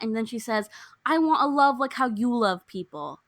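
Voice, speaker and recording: A young American woman co-hosting a podcast, retelling a movie's plot in a lively, indignant way. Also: high-pitched, fairly quick. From United States. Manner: animated, indignant storytelling with quoted lines. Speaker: podcast co-host. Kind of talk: casual movie recap chat.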